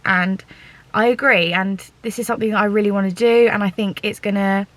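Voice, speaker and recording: A chatty young woman talking straight to her viewers in a relaxed vlog. She is excitable and rambling, and she fills her sentences with little fillers. Her pitch sits in a middling range for a woman. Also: fairly quick, no room sound, poor audio. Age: young adult. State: sore throat. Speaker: vlogger and small business owner. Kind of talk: casual vlog chat.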